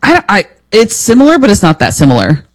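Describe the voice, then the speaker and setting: A co-host on a talk radio show with a mid-range voice. They answer the host in an even, skeptical way and reason through their points calmly. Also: medium pitch, quick pace. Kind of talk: casual talk radio banter.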